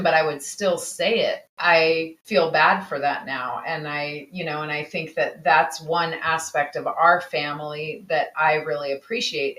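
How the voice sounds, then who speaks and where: A woman's voice: deep voice, a bit bright. A woman co-hosting a casual podcast about parenting, talking in a candid, reflective way. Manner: reflective, candid, sometimes swears. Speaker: podcast co-host. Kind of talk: casual conversation. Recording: echoey room.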